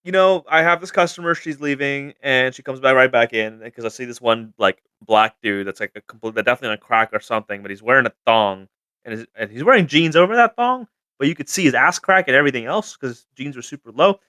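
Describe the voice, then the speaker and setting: Guy cohosting a car podcast, casual chat, cusses a lot, bright tone. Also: mid-range voice, fast talker, clean tone, no room sound. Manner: animated storytelling, swears freely. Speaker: podcast co-host, car shop owner.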